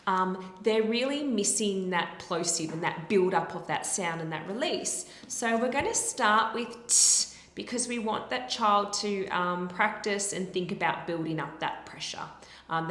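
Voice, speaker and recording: A woman speech-language pathologist explaining therapy techniques in an encouraging way and demonstrating speech sounds slowly. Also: mid-range voice, fairly bright tone. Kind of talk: instructional explanation. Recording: roomy echo.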